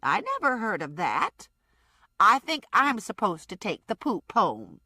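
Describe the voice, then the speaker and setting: A woman voicing a frightened but stubborn old woman with a shrill, pleading manner. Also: huge pitch swings, unhurried, sharp tone, dry recording, studio quality, exaggerated voice.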